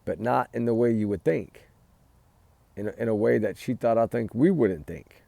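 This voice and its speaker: Gravelly, heated man ranting. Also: on the low side, normal speed, warm tone, dry recording. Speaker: true-crime vlogger. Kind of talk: casual commentary. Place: outdoors by a fire pit at night.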